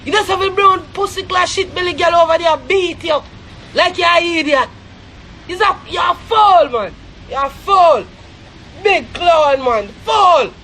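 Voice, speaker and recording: Jamaican man, very high voice, bright and sharp tone, shouty, swearing, angry live-stream rant. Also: measured pace, slight background noise. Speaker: social media live streamer.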